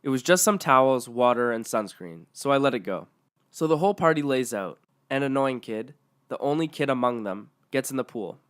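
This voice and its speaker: A man's voice: mid-range voice, expressive, normal speed, a bit bright. A man narrating online stories aloud in a matter-of-fact way.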